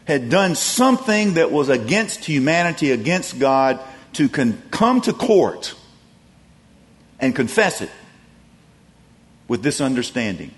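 A man delivers a sermon in a church sanctuary, his mid-range voice trailing off into a long, ringing hall reverb. He tells stories, building to emphatic peaks before easing into soft, low reflections. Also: very animated, unhurried, long pauses. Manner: storytelling, rising to emphatic peaks then dropping soft and low. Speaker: pastor.

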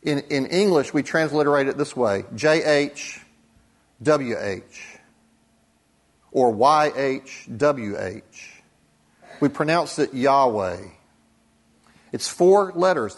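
A man preaching a sermon as pastor, deliberate, with dramatic pauses and soft drops for emphasis. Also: medium pitch.

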